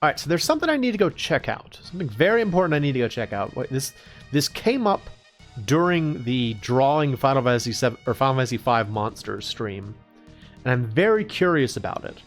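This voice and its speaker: A man's voice: mid-range voice, very animated, brisk. Playful man narrating gameplay. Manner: playful, laughs often, rambling. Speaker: let's play host. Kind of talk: casual gameplay commentary. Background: faint game music.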